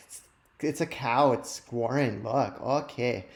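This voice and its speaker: A man's voice: mid-range voice, slow. A man hosting a live youth ministry show, chatting casually and self-deprecatingly straight to viewers. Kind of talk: casual live-stream chat. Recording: roomy echo.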